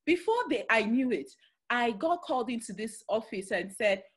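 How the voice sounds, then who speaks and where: Husky Nigerian woman giving a motivational talk. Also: on the high side, normal speed. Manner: animated storytelling, with frequent fillers and restarts. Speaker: guest speaker.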